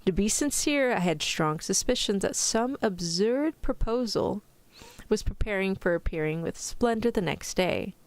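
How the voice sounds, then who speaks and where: A woman streamer giving a soft-spoken ASMR reading in a put-on British accent, pronouncing each word carefully and deliberately. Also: medium pitch, animated, dry recording. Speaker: vtuber streamer.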